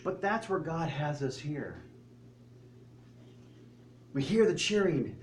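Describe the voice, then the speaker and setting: A man's voice: on the high side, sing-song, takes it slowly, slight background noise. A man preaching a sermon to his congregation in a church, in a conversational way, asking rhetorical questions. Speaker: pastor.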